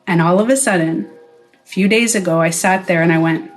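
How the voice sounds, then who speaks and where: A woman's voice: lowish voice, steady tone, brisk, soft background music. A middle-aged woman, a former spa owner, talking straight to camera in a casual vlog. She is blunt, swears freely and acts out the voices she quotes.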